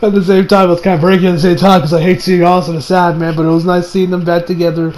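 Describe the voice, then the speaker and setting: A man giving a casual video review, excitable and rambling, full of slang and laughter. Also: high voice, quick pace, rough recording. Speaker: anime reviewer.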